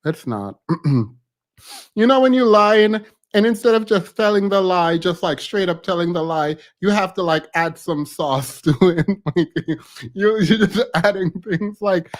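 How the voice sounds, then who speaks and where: High-voiced American man reacting to clips. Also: a little slow. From United States. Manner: laughing, incredulous, animated. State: losing his voice. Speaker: commentary channel host. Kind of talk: reaction commentary.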